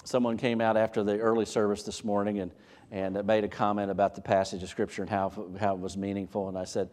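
A man preaching a sermon as pastor, animated, asking rhetorical questions and repeating words as he builds his point. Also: fairly low pitch, fast talker.

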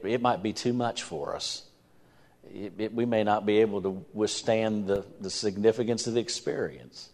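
A man's voice: lowish voice, a little mellow. A man preaching a sermon in a church, earnest and emphatic, often repeating words as he starts a phrase. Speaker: pastor.

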